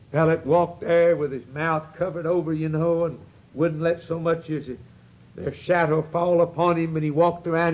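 A husky-voiced man with a drawl preaches to his congregation. He tells homespun stories in a folksy, earnest way and swells up in bursts of fervor. His tone is rough and breathy at the edges. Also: a little high, level tone, moderate pace, muffled recording. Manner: folksy, earnest, storytelling preaching with rising outbursts. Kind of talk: sermon.

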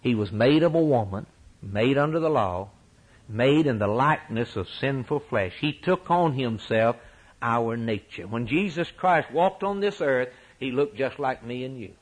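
In poor-quality audio, a man preaches an impassioned sermon at a church service. He swings between loud, high peaks and low, quiet lines.

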